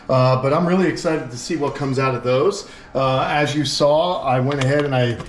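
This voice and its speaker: Talking enthusiastically both to the camera and to the animals, a man hosts a casual vlog at a turtle and tortoise sanctuary. His voice is mid-range and a little mellow. The indoor camera-mic recording carries slight hiss or hum.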